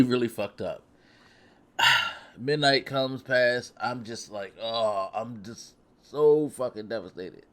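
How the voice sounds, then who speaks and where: Young male vlogger, loose profane storyteller who laughs at himself, average pitch. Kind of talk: casual storytelling.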